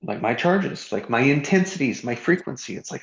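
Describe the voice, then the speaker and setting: A man hosting a reflective group conversation on a video call, musing aloud and slowing his words for emphasis. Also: mid-range voice, expressive, muffled recording.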